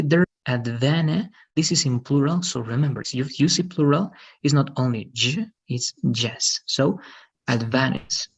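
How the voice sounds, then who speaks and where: A man's voice: on the high side, vocal fry, darkish tone, dull audio. A man teaching an online English lesson, patiently explaining and often checking with "right?". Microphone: video call.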